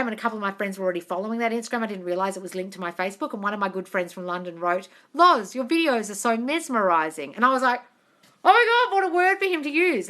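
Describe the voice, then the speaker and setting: A young woman talks into her phone at arm's length during a casual live question-and-answer stream. Her tone is bright and crisp, and her manner is frank and chatty. She swears freely and calls her viewers darling as she reads their comments aloud. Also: medium pitch.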